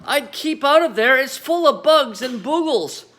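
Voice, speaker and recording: A man's voice: extremely high pitch, expressive, measured pace, bright, forceful tone, a little hiss or hum, voice pushed up, full character voice. A man voicing a worried, pleading young boy in a storybook reading. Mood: anxious. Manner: pleading, anxious.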